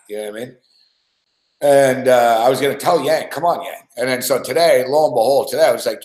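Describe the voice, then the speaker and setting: A man's voice: mid-range voice, quick pace, a little mellow. Male radio host, casual and profane, roomy studio sound. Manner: profane, storytelling, laughs often. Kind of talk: casual chat.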